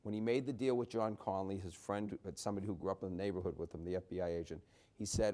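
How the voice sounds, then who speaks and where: Low-voiced man telling stories at a book talk. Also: steady tone, fast talker, warm tone. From Boston area, USA. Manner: chatty, many restarts, wry asides. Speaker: author and journalist. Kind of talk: book talk, conversational storytelling.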